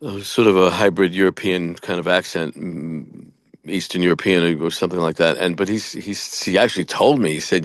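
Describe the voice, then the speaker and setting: A man's voice: sits low, steady tone, normal speed, no echo, clean studio sound. A middle-aged man, an actor and podcast co-host, chatting casually and frankly, rambling with many restarts as he tells stories. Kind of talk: casual chat.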